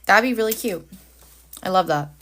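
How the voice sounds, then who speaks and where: This planner livestream host is animated and a bit bright, speaking at normal speed with a medium-pitched female voice. She draws as she casually and happily talks to her viewers.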